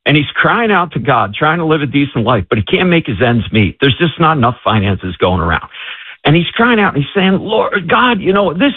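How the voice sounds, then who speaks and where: A man, an author, telling a faith story in a lively way and acting out the voices he quotes. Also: mid-range voice, fairly quick, slightly rough, no echo, phone-quality sound. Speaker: author and guest. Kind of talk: animated storytelling.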